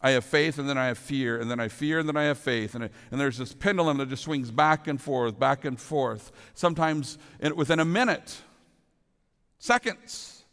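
A man preaching a sermon as pastor, earnest, often dropping to soft low tones for emphasis. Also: normal speed. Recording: long reverb of a large hall.

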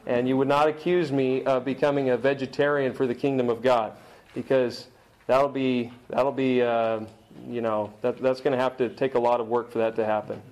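A middle-aged man preaching a sermon, emphatic in delivery, slowing down to read scripture aloud. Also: medium pitch, level tone, a little mellow, rough recording. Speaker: pastor.

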